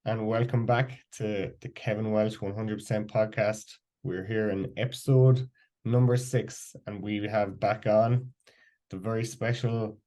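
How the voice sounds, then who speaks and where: A man's voice: lowish voice, dark tone. An Irish man hosting a podcast, introducing an episode and chatting casually with a guest. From Ireland. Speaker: podcast host.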